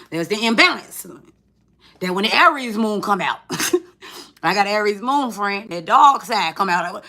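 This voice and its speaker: A woman's voice: on the high side, creaky, sharp tone. A woman giving a tarot reading in casual, chatty talk, swearing freely and calling the viewer friend. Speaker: tarot reader.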